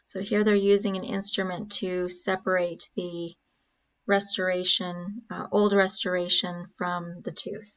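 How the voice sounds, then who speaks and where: A woman's voice: fairly low pitch, little pitch movement, measured pace, fairly bright tone, muffled recording. A woman narrating a dental procedure video as an instructor, explaining steps with frequent fillers.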